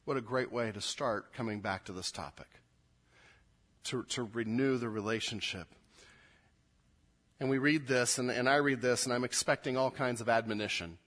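A man preaching a sermon, moving from quiet, low asides to loud, emphatic readings of scripture. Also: normal speed. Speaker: pastor.

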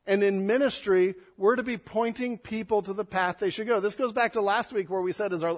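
Man, pastor, sermon, slightly high voice, loud emphatic stress, soft hushed stretches. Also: long reverb tail.

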